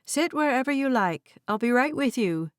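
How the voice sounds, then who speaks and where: A woman narrator voicing a brisk, friendly older waitress in a small diner. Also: high voice, lively intonation, no echo, clean studio sound, voice pushed up.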